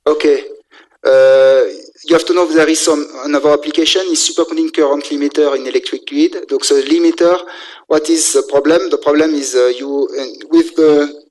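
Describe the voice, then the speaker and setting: A man giving a technical engineering lecture, speaking haltingly with many filler sounds and restarts. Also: fairly high pitch, steady tone, darkish tone, rough recording. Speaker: university lecturer in electrical engineering.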